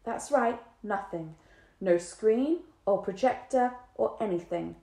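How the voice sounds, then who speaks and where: A woman's voice: medium pitch, lively intonation, slow pace, warm tone. A woman voicing a curious, stubborn young schoolboy in a storybook reading, earnest and explaining. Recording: roomy echo.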